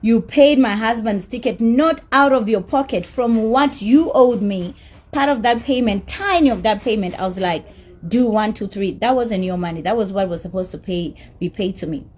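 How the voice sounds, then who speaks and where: A woman's voice: on the high side, normal speed, a little mellow. A woman telling a story about a dispute in an angry rant, heated and emphatic, with swearing. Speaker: celebrity recounting a dispute.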